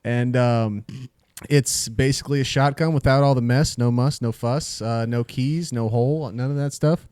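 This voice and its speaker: A man's voice: medium pitch, steady tone, moderate pace, darkish tone, smooth, no room sound. A young man co-hosting a casual podcast, easygoing and full of fillers. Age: young adult. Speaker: podcast co-host. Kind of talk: casual chat, reading ad.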